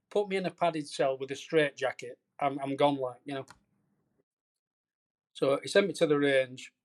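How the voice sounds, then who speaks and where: A middle-aged man, a veteran golf caddie, telling colorful stories as a podcast guest. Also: fairly high pitch. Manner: animated, colorful storyteller. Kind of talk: storytelling anecdote in a podcast interview.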